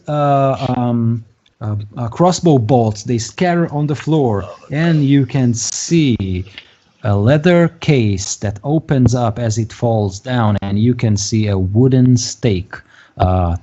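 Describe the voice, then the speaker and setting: A man narrating as game master of a tabletop game, halting and full of filler sounds. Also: mid-range voice, warm tone, slight background noise. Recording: dull lo-fi recording.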